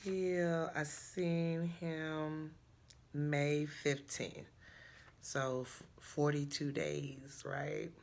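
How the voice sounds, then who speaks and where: Slow-talking animated woman telling a story. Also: low voice, a little hiss or hum. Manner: animated, laughing often, frank and chatty. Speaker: storyteller vlogger. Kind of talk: casual storytime.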